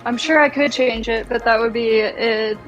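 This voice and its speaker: A woman's voice: on the high side, moderate pace, highs cut off, loud music behind the voice. A woman chatting matter-of-factly with friends during an online game. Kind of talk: casual gaming chat.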